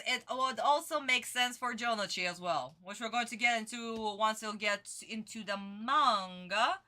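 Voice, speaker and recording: A woman's voice: fairly high pitch, sharp tone. A tired woman streamer giving exasperated reaction commentary, ranting and repeating herself.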